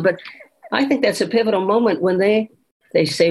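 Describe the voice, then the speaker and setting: A woman's voice: lowish voice, a little fast, a little mellow, slight background noise, low-quality recording. Woman retelling scripture in a podcast. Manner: reflective, retelling scripture with quoted lines. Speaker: podcast co-host. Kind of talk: conversational faith podcast discussion.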